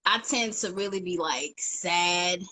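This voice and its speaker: A woman co-hosting a casual chat, animated and giggly, acting out her own thoughts. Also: lowish voice, takes it slowly, low-quality recording. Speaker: podcast co-host.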